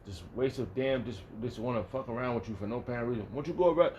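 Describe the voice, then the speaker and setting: A man in the middle of an informal Bible study, circling back and restarting his thoughts as he goes. His voice sits at an ordinary middle pitch, and his speech is blunt and profane, breaking into sudden loud, angry outbursts. A faint hiss of noise runs underneath. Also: fast, dull audio. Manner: emphatic and profane. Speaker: religious teacher. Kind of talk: casual Bible study talk.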